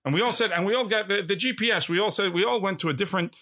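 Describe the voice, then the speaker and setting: A man's voice: high voice, rapid-fire, sharp tone. A man doing an impression of a brash older male movie star over a phone call, profane and rambling as he spins a story. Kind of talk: comedy podcast impression.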